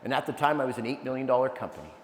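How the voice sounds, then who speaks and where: A man's voice: mid-range voice, very fast. Guy giving a pumped-up leadership speech to a crowd, big hall, lots of echo. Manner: energetic, animated storytelling with asides to the crowd. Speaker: keynote speaker. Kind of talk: motivational talk to a live audience. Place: large event hall. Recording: echoey hall, long reverb.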